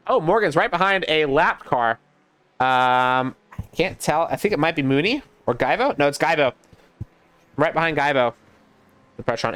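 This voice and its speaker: A young man casting a sim racing league live, chatty and excitable, talking to his co-caster and to the chat. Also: on the high side. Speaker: race caster.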